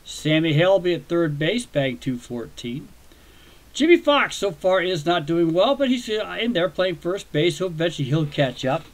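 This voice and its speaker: A chatty man with a slightly high voice hosts a baseball video game for his viewers. He talks casually, wanders into rambling asides and pokes fun at himself. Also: lively intonation, normal speed.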